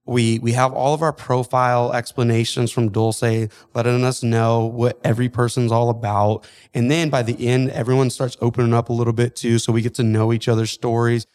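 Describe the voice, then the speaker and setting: A man's voice: mid-range voice, little pitch movement, fairly quick, few pauses, darkish tone, clear, resonant tone. A man co-hosting a casual podcast, a fitness coach speaking earnestly and steadily about his team.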